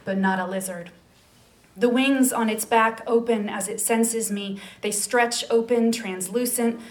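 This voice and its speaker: A woman telling a personal story aloud, her delivery soft and lyrical. She lingers on images and speaks reflectively, in a middle-pitched voice. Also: rough recording.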